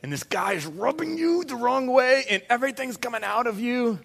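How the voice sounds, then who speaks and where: A man preaching a sermon in a lively way, acting out voices of the people in the story as he goes. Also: very high voice, a little fast, slight background noise. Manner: animated, acts out voices of disciples and Jesus. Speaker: pastor. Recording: long hall reverb.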